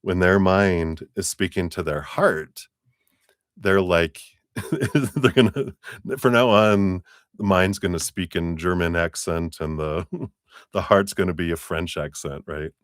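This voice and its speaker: Very deep-voiced man giving a rambling tarot reading. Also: slow pace, no echo, clean studio sound. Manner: rambling, laughs often, many fillers. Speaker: tarot reader.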